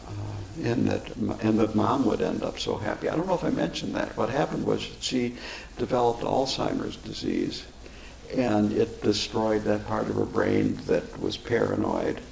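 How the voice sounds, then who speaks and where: An older man, a Buddhist teacher, answering questions with unhurried, chuckling stories. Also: lowish voice, very animated, creaky, darkish tone. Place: meditation center hall. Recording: echoey room, faint noise.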